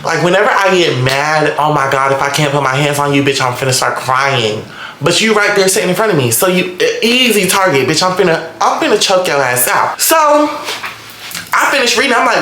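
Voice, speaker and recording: A young man telling a story in a vlog, animated and dramatic, with lots of cursing. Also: fairly high pitch, moderate pace. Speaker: vlogger. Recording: echoey room.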